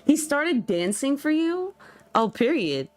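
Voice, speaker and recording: Animated young woman chatting on stream. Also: sits high, slow. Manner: animated, laughs often, reacts to chat. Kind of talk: casual livestream chat with viewers.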